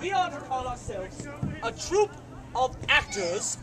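A man's voice: very high voice, big pitch swings, unhurried, far from the mic, full character voice. A man playing a pompous Italian stage director. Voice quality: pompous, theatrical, exasperated. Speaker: actor. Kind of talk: outdoor fair comedy theater. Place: outdoor fair stage. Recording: outdoor crowd noise. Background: crowd.

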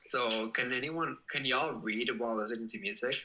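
The streamer reads viewer comments in a laid-back chat, gushing and playful, tossing in affectionate swearing and sudden excited outbursts. The voice is medium-pitched at a normal speed, and the audio is poor.

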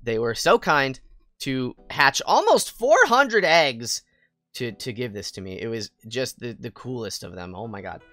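Lively American man streaming a game. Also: medium pitch, measured pace, dry recording. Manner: playful, excitable, with sudden squeals. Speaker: VTuber streamer. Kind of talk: casual gaming stream chat.

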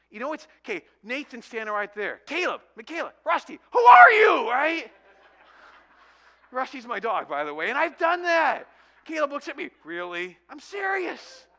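A pastor in his forties delivers a sermon, telling self-mocking stories with animated humor in a voice that sits high.

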